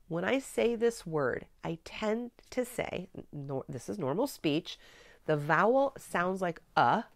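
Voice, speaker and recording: A middle-aged woman with a slightly low voice walks through a spelling method, explaining each step clearly. She coaches patiently, as a teacher trainer would. The sound is dry and close, with no room around her. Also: no echo. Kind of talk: instructional demonstration.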